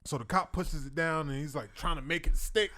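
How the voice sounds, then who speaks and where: A man on a podcast, telling a story in casual chat and acting out the other people's lines with animated voices. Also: a little high, brisk, a little hiss or hum. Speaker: podcast co-host.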